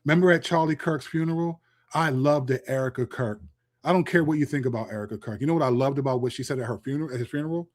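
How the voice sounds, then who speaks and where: A middle-aged man delivers an impassioned Christian commentary on his own channel. His voice sits at a medium pitch, and his tone is preachy and emphatic. He often restarts his sentences mid-thought as he reads scripture aloud. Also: fast talker.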